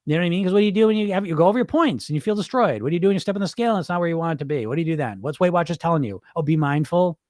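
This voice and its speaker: A middle-aged male podcast host talks in a blunt, profane, animated way about weight loss. His voice sits a little high for a man. The sound is dry, with no room around it. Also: racing, few pauses, no room sound. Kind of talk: casual podcast talk.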